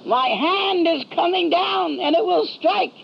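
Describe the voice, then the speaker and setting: A woman voicing an angry divine male figure who pronounces judgment in a raised, slow, declamatory voice. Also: very high-pitched, lively intonation, vocal fry, a little hiss or hum, full character voice. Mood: stern, grieved. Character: wrathful divine man, thundering judgment. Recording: dull lo-fi old recording.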